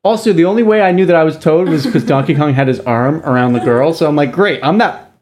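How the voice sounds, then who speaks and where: A man's voice: a little high, quick pace, a little mellow, slight background noise. A man co-hosting a local radio show, bantering playfully and laughing often. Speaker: radio co-host. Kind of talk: casual college radio banter.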